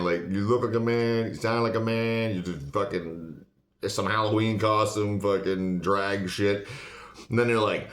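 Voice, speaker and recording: Man, lowish voice, blunt profane rant, echoey room. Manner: blunt, ranting, swears constantly. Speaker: host. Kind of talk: casual profane monologue.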